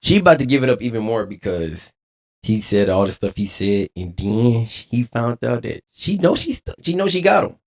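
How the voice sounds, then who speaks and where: A man's voice: medium pitch, normal speed. Laughing man ranting on stream. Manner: laughing, animated, preachy rants. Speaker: streamer reacting to a clip. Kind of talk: casual reaction commentary.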